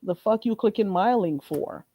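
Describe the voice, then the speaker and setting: A woman's voice: mid-range voice, expressive, moderate pace, dark tone, slightly rough, no echo. A woman streams from her own channel, swinging her voice up and down as she mocks and scolds a viewer. She talks bluntly and with exasperation. The sound is dry and close. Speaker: channel host. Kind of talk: livestream rant.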